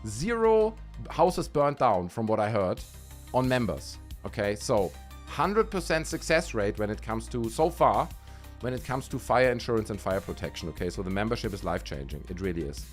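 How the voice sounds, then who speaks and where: A man's voice: lowish voice, very animated, moderate pace, soft background music. Sarcastic joking man hosting a livestream. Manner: joking, sarcastic, reads out chat messages. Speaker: livestream host. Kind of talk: casual live-stream chat. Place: warm room at home with windows open.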